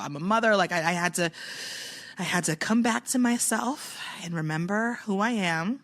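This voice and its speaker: A woman tells a heated story in casual chat. Her voice is bright and sharp. She swears freely and acts out what people said. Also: mid-range voice, a little fast. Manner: heated, profane storytelling with acted-out quotes.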